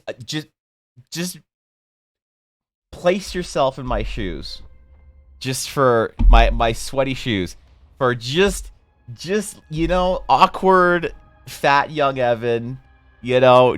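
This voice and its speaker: A young man tells a story on his live art stream, rambling and poking fun at himself. He swears casually, his pitch sits in the middle, and faint music plays behind him. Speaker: streamer and artist.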